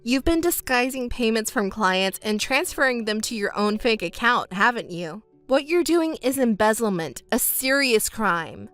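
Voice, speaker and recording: A woman's voice: a little high, lively intonation, normal speed, hardly any pauses, fairly bright tone. A woman voicing a scripted text-story narration, cold and scolding, with faint music underneath.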